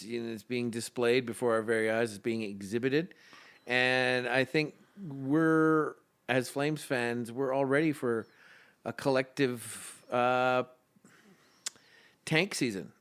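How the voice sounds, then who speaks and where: A man's voice: mid-range voice, fairly bright tone, smooth. A man co-hosting a casual podcast, talking hockey in a rambling, opinionated fan's way. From Canadian prairies. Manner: rambling, opinionated fan talk. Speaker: podcast co-host.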